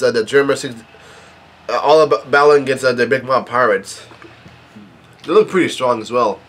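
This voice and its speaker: A man casually reading through and reacting to a manga chapter, halting often with fillers and restarts. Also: medium pitch. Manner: reads quoted dialogue flatly without acting.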